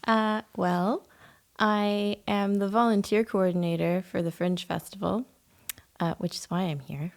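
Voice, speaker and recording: Gravelly-voiced Canadian woman chatting softly. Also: mid-range voice, fairly even intonation, unhurried. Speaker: podcast guest, poet. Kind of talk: casual chat. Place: small room in a historic house.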